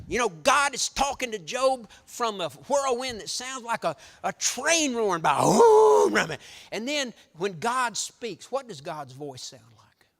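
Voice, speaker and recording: Male preacher, high, animated pitch, bright tone, folksy storytelling, church hall reverb. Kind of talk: sermon.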